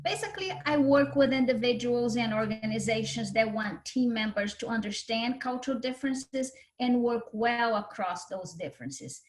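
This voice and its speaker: A woman's voice: fairly high pitch, normal speed, hardly any pauses. A woman from Brazil with a Brazilian Portuguese accent, a guest on a podcast interview explaining her ideas earnestly, sometimes repeating words. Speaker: guest, cultural differences consultant.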